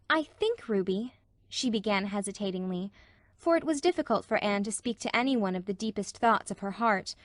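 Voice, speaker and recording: A woman narrating a classic novel as an audiobook in measured, even storytelling. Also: mid-range voice, no room sound, clean studio sound. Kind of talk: scripted narration.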